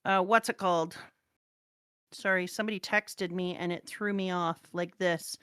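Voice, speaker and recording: Animated woman telling stories, dry sound. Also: on the low side, normal speed, clean tone, no room sound. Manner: animated, acts out quoted voices. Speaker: theater teacher, co-host. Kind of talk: casual chat, storytelling.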